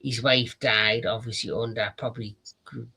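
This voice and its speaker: A man with a bright, forceful tone talks through a series review in a loose, casual way. He rushes eagerly through the plot, tripping over his words and dropping in the odd swear word. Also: medium pitch, fairly even intonation, creaky, husky. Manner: retells scenes eagerly, with false starts and casual swearing. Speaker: TV review show host.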